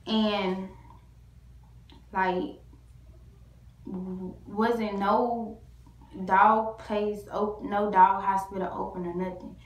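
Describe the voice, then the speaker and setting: A woman's voice: medium pitch, fairly even intonation, very slow, pauses often. A woman vlogger telling a story casually to camera, rambling with many fillers and restarts. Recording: echoey room.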